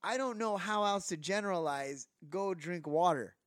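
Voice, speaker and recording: Man ranting in a higher voice. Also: normal speed, dry recording, clean studio sound. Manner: rambling, animated, drops fillers like "like". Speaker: podcast co-host. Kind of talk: casual rant.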